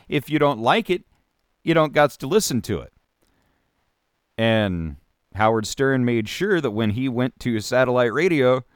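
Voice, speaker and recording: A man's voice: mid-range voice, no echo, clean studio sound. A man hosting a talk radio show, delivering a sarcastic, opinionated monologue with mocking put-on voices.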